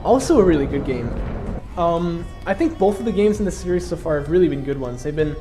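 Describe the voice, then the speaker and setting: A man's voice: on the high side, lively intonation, fairly quick, music in the background. A congested man casually commentating his own strategy game match, explaining his moves with plenty of fillers.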